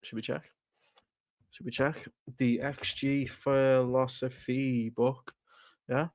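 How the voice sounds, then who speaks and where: Blunt, sweary streamer. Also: male voice, medium pitch, little pitch movement, slow pace, a little mellow, dry recording, clean studio sound. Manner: blunt, sweary, laughing rants. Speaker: football watchalong streamer. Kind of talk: casual live stream chat.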